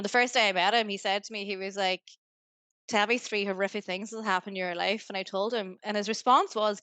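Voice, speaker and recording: Upbeat Northern Irish woman, smooth voice. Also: medium pitch, a bit bright, no room sound. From Northern Ireland. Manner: upbeat, motivational, fast rambling with many "like"s. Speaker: guest, business founder. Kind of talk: casual podcast interview.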